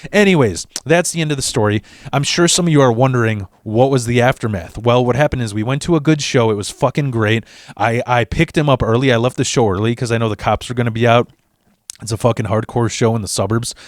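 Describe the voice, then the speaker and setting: A man's voice: medium pitch, no echo, studio quality. A man hosting his channel, telling a long comic story in a rambling way with constant swearing. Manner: profane, rambling, restarts. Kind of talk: comedic storytelling vlog.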